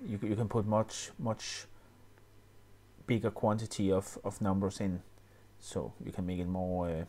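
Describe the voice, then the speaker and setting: Low-voiced man with halting tutorial speech. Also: little pitch movement, dark tone. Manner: hesitant, many fillers and restarts. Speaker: music software tutor. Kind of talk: screen-recorded tutorial.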